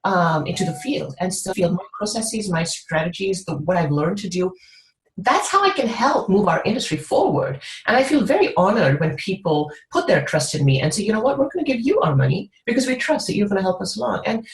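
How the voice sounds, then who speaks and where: A woman guest talks through an interview in a somewhat low voice with a lively, swooping delivery. She laughs often. The recording carries a roomy echo. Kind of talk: casual interview chat.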